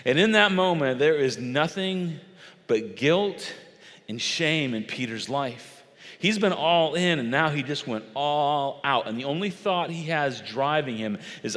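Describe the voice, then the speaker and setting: Animated male preacher in echoing hall. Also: on the high side, measured pace. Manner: animated, emphatic, acts out quotes. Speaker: pastor. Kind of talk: storytelling sermon.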